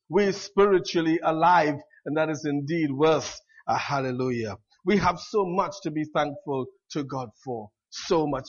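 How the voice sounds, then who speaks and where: A man's voice: sits high, a bit bright, highs cut off. A man preaching a sermon in a chatty, self-deprecating way, full of fillers and asides.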